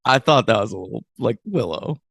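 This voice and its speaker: Lively low-voiced male co-host. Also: vocal fry, breathy edge, dry recording, studio quality. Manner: chatty, quick to laugh, offers explanations. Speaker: podcast co-host. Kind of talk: casual recap chat.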